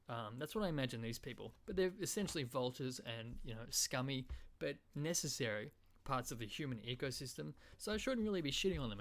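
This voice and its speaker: Rambling, profane Australian podcast host. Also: male voice, mid-range voice. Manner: rambling, profane, lots of fillers. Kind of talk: rambling comedic monologue.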